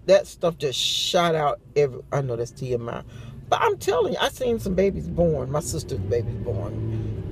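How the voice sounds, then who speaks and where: Chatty grandmother with a gravelly voice. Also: deep voice, background noise. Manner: chatty storytelling with frequent laughs. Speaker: vlogger. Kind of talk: casual morning chat.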